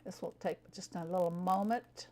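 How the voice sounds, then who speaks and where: A woman's voice: on the low side, fairly even intonation, normal speed, a little mellow. A woman streaming a farming game, chatting casually with her viewers, answering them by name and laughing often. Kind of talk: casual live-stream chat.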